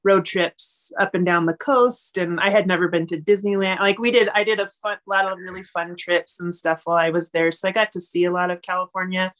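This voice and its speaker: A chatty woman in her forties from Wyoming, talking with a slightly low voice. She laughs easily and fills her pauses with ums as she reminisces in relaxed conversation. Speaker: guest. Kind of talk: casual conversation.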